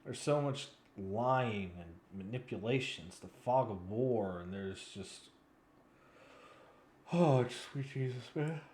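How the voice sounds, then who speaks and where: A man's voice: lowish voice, expressive, measured pace, hardly any pauses, darkish tone, reverberant. A man in his twenties giving rambling, frustrated commentary as a news vlogger, sounding weary and yawning now and then. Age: 20s.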